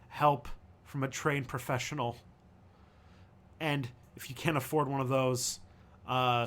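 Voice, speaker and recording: A man hosting a casual livestream, reading out viewer questions and answering them as he goes. He talks in halting bursts and circles back to restart his sentences. His voice sits in an ordinary middle pitch. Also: a bit bright. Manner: thinks aloud, halting, with many fillers and restarts.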